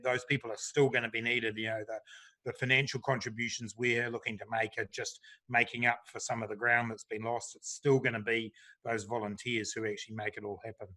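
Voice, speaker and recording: Answering panel questions, a middle-aged government minister stays relaxed and chatty, his speech dotted with fillers. He speaks at a medium pitch.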